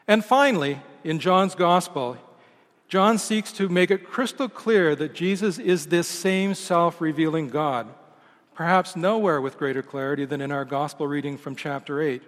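In a fairly bright voice pitched a touch high for a man, a pastor delivers a measured, emphatic sermon, each phrase falling and settling at its end. A long reverb carries his words through a large church hall.

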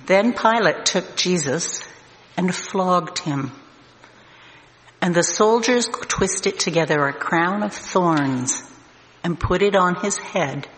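Slow, deliberate scripture reader. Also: male voice, a little high, fairly bright tone. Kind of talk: Bible reading narration. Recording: echoey hall, long reverb, faint noise.

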